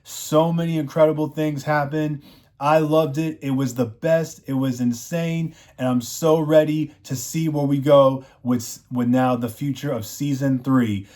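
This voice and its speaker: A man's voice: a little high, fairly even intonation, measured pace, a little mellow. A man hosting his own show, giving an enthusiastic, rambling recap of a TV finale and loosely acting out the lines of the characters in his own voice. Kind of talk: enthusiastic casual episode recap.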